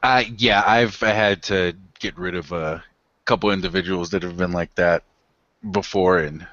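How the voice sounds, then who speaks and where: A man with a lowish voice, chatting casually about his hotel job. He fills his stories with "you know" and "like" and laughs along. The sound is dry and dull, lo-fi. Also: fairly even intonation, a little slow, a bit bright, no echo. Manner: storytelling, laughing, many fillers. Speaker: hotel worker. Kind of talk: casual chat on a livestream. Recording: dry, dull lo-fi call audio.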